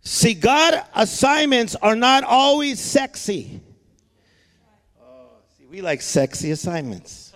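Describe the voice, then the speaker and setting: High-voiced energetic male preacher. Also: slow pace, pauses often, in a large hall. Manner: energetic, repeats words, shouts for emphasis, jokes with the crowd. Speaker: pastor. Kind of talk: sermon.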